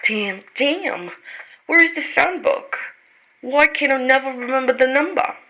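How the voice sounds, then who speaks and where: A woman's voice: high voice, animated, a little slow, bright, forceful tone, voice pushed up, heavily acted, poor audio. A woman voicing an anxious young woman on the phone, fretful and pleading. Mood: worried.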